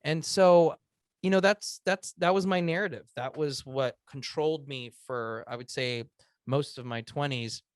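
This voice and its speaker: Earnest guy telling his life story on a podcast, smooth clear voice, dry sound, lots of ums. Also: mid-range voice, dry recording. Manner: earnest, halting, many "um"s and restarts. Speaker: podcast guest. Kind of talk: emotional personal storytelling.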